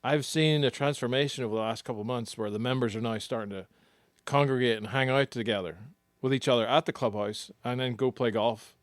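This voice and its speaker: A man coaching golf on a podcast, laying out his tips patiently and in order. His voice sits at a mid pitch and is recorded close and dry, with no room sound at all. He sounds casual and chatty. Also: brisk, dry recording. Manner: explanatory, teaching step by step.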